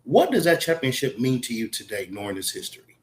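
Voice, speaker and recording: A man's voice: medium pitch, very animated, a little fast. Male interview host, eager and fan-like, asks direct questions; mid-range voice.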